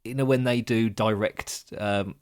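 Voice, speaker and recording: A man's voice: lowish voice, fairly even intonation, unhurried. A man co-hosting a casual podcast chat who laughs often and talks in an easygoing way. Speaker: podcast co-host.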